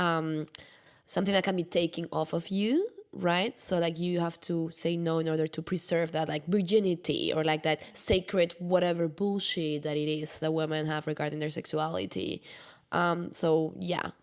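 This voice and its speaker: A woman's voice: on the low side, steady tone, moderate pace. A woman hosting a podcast, talking frankly in casual chat with plenty of fillers. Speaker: podcast host.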